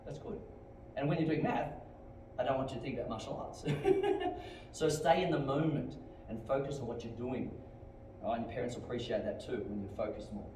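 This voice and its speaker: Echoey Australian martial arts instructor barking commands. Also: male voice, medium pitch, a little fast. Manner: energetic, barks sharp commands and kiai shouts between explanations. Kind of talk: teaching a martial arts class. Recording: very echoey hall, distant mic, faint room noise.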